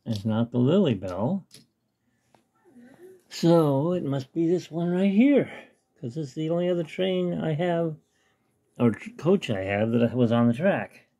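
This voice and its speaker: A man's voice: fairly high pitch, lively intonation, unhurried, pauses often, mellow. A man casually talking through his hobby work on a webcam at home, rambling and talking to himself as he tinkers. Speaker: hobbyist vlogger. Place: home hobby room with model train layout.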